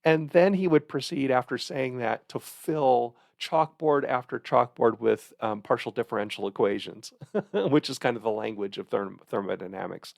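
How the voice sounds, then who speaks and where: A man in his sixties with a gravelly, creaky voice hosts a podcast and rambles through a personal story. He hesitates and chuckles as he goes, and his voice sounds dry and close. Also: mid-range voice, lively intonation, moderate pace, dry recording. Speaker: podcast host. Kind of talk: casual monologue.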